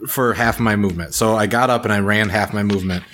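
A player in a tabletop game works out his moves aloud in casual game chat, hesitating often, saying lots of ums, and asking the table questions. His male voice is on the low side, steady and fairly bright, and he talks fast over slight background noise.

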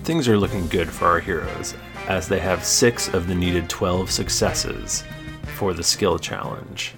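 A man's voice: sits low, unhurried, loud music behind the voice. A man narrating a tabletop game as dungeon master, with loose, rambling narration full of restarts and fillers.

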